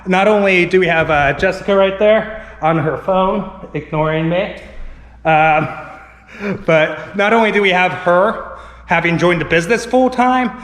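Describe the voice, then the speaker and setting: A man vlogging casually to camera, rambling with lots of filler words, his voice a little hoarse. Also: sits high, measured pace, fairly bright tone. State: slightly hoarse. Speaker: vlogger and online reseller. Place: inside a house. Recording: echoey room with long reverb.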